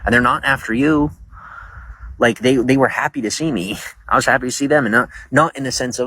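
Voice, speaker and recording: A man's voice: mid-range voice, a little fast, sharp tone, slight background noise. A man chatting casually on a livestream, rambling with lots of fillers, outdoors at night. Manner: rambling, talks to viewers, many fillers. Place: outdoors at night, bugs around.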